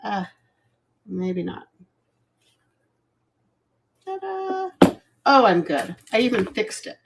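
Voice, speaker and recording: A woman's voice: fairly low pitch, measured pace, gravelly, background noise. A middle-aged woman hosting a casual live jewelry sale, chatty and rambling, laughing at her own fumbles. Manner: chatty, rambling, self-deprecating. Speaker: live jewelry auction host. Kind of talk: casual live selling chat.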